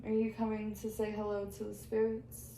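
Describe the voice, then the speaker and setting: In an echoey room with faint background noise, a woman medium quotes what a spirit tells her during a reading, laughing every so often. Her medium-pitched voice is monotone, creaky, and mellow, at a moderate pace.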